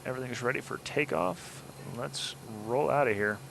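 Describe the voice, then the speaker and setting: A man's voice: mid-range voice, normal speed, vocal fry, background noise. A man hosting a casual flight simulator let's-play, chatting and explaining each step as he goes. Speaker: flight sim gameplay host.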